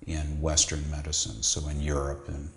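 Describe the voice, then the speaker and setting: A middle-aged man, a psychiatrist, giving measured, lecturing answers in an interview. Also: rumbling low, completely flat delivery, roomy sound. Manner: measured, lecturing, with occasional restarts. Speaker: psychiatrist guest.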